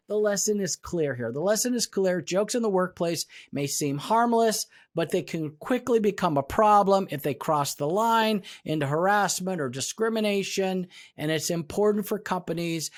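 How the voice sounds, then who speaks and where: With a high voice and lively intonation, a man talks at a moderate pace as co-host of an HR podcast. He tells stories in relaxed chat, performing the quoted dialogue of the people involved.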